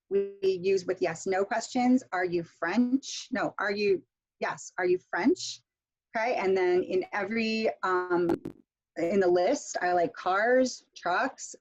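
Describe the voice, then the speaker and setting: Woman teaching pronunciation over a dull line. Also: medium pitch. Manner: explains and demonstrates intonation patterns with example sentences; casual, filler-heavy delivery with frequent "okay?". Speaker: pronunciation instructor. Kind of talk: online workshop presentation.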